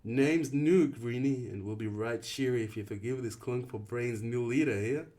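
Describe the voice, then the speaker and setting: A man's voice: lowish voice, fairly even intonation, moderate pace, lightly acted. A man reading an audiobook, voicing a friendly teenage boy with an odd accent in a raised, cheery voice.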